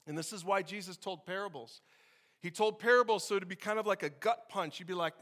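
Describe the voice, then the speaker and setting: A middle-aged male pastor delivers a sermon in a lively, conversational way. His voice sits high and sounds bright and forceful. He talks to the congregation directly and bursts into loud exclamations now and then. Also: brisk. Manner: energetic, conversational preaching with sudden loud outbursts.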